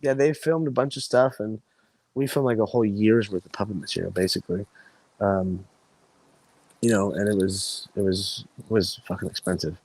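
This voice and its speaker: Rambling, low-voiced man telling stories. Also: moderate pace, no room sound, low-quality recording. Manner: rambling, animated voices when quoting friends, frequent restarts. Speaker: podcast guest. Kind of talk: casual storytelling chat.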